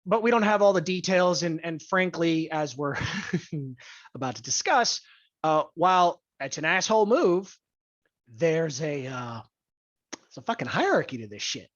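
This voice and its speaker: A podcast host in a profane sports rant, angry, crude and blunt, stressing key words with deliberate emphasis. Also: medium pitch, lively intonation, a bit bright, no room sound. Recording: dull lo-fi dry recording.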